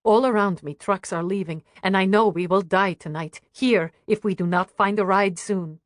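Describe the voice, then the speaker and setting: A woman reading an audiobook in a hushed, grave first-person voice. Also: mid-range voice, normal speed, no echo, clean studio sound. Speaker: audiobook narrator. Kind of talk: scripted audiobook narration.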